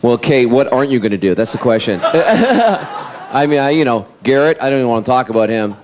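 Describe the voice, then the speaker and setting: A man on a convention panel, talking up the night ahead in an excited, joking way. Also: medium pitch, brisk, noisy background. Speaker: panel guest. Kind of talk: casual hyped banter.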